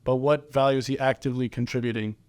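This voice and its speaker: A smooth-voiced man asking halting questions. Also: mid-range voice, steady tone, a little mellow. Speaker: podcast co-host asking questions. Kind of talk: casual podcast conversation.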